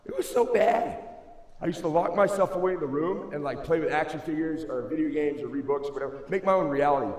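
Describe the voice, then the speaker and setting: A man in his twenties giving a motivational speech to a school assembly, casual and slangy, swinging between loud emphasis and hushed moments. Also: a little high, fast. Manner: casual and slangy, calls listeners bro and dude. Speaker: motivational speaker. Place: large school assembly hall. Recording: echoey hall, long reverb.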